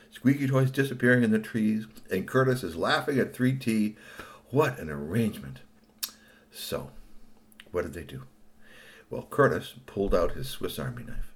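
A man telling an improvised children's story in an animated, playful way. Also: lowish voice, moderate pace.

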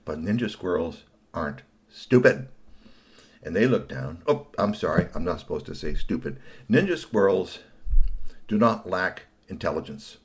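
A middle-aged man narrating a children's story in an animated way, talking to young listeners. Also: sits low, normal speed.

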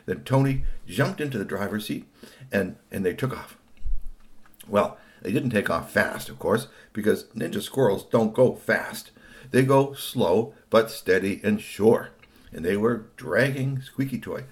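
A man telling a children's story aloud, swooping between hushed asides and excited bursts. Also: on the low side, a little slow.

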